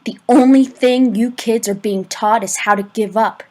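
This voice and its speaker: A woman's voice: fairly high pitch, fairly even intonation, a little mellow, close to an everyday voice, low-quality recording. A woman reading the lines of an earnest adult male teacher in an amateur audiobook, talking urgently and sometimes stammering. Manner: urgent, halting, stammering in places.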